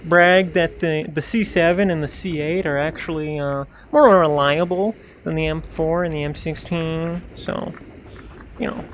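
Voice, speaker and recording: A young man from Canada chats loosely through a game stream, drifting between remarks to his viewers and half-muttered asides. His voice sits notably high for a man. It is picked up on a headset mic with faint background noise. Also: a little slow. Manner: rambling, talks to himself and chat, mutters under his breath. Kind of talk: casual gameplay commentary.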